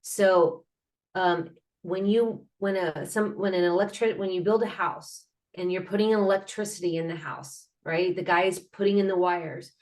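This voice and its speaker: A woman with a lowish voice speaks at a moderate pace as a guest on a casual interview, talking about healing. She's a mental health advocate, earnest and rambling, full of fillers and restarts, and she animatedly acts out sounds and laughter while explaining.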